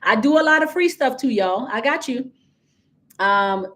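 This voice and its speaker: Caribbean lady coaching on a livestream, kinda high voice, super chatty, talks right to the viewers. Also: expressive, a little slow, fairly bright tone. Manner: chatty, addresses viewers directly, reads out comments. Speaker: business credit coach. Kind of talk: casual livestream teaching.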